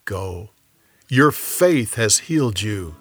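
A male storyteller voicing Jesus as a calm teacher, speaking slowly and earnestly with a lively rise and fall. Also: lowish voice, husky, full character voice. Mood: gentle, earnest.

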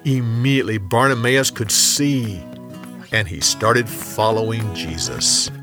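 A man narrating a Bible story in a calm, expressive storytelling manner. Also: lowish voice, a little slow, music in the background.

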